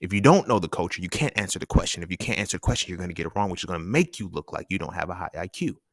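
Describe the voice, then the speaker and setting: Male host, very low voice, swooping animated delivery, profane and slangy casual monologue. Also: racing, no room sound. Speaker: podcast host.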